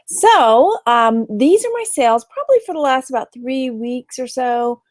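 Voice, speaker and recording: Woman, Texan accent, a bit high-pitched, chatty live-stream talk, tired late-night voice, dry close sound. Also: normal speed, dry recording. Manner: chatty, greets viewers by name, animated. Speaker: online reseller doing a live stream. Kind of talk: casual live-stream chat.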